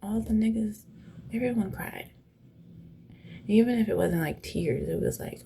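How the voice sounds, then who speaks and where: Young woman, gravelly, dark tone, blunt casual storytelling, slips into whispers, faint background noise. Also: medium pitch, unhurried, pauses often. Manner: blunt, animated, profane, often drops to a whisper.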